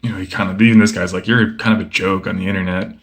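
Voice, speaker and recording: A young man casually flipping through a comic book and chatting about each page, relaxed and rambling with lots of fillers. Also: low-pitched, quick pace, background noise. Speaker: comic book video host.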